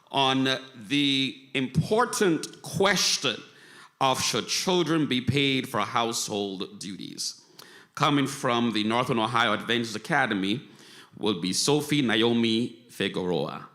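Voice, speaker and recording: A man hosting a school debate in a church hall, energetic and leading the audience in call and response. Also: a little high, measured pace. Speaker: debate moderator. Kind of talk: event hosting.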